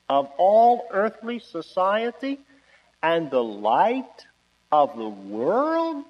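High, emphatic preacher in a reverberant hall. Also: male voice, lo-fi sound. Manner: emphatic, with sudden rises on key words and drawn-out phrases. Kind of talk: sermon.

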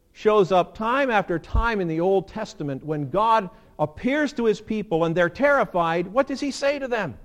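A man preaching a sermon as pastor, animated, acting out quoted lines with sudden leaps in pitch.

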